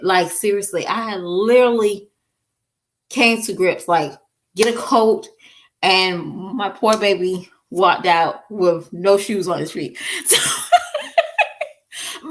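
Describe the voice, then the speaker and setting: A woman in her thirties telling her viewers a story about her son, in a casual, animated way, laughing often and restarting words. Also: medium pitch. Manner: talks straight to viewers with slang and "y'all". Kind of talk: casual story time vlog.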